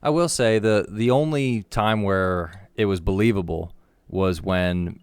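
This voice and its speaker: A man's voice: fairly low pitch, unhurried, clear, resonant tone. A man co-hosting a movie podcast, rambling wryly through scenes in casual chat. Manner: rambling, wry. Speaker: podcast co-host.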